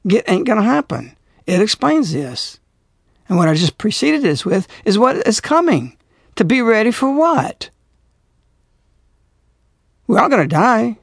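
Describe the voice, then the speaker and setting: A man's voice: high voice, vocal fry, no echo, clean studio sound. A middle-aged man hosting a religious radio talk show, speaking emphatically and repeating himself as he preaches.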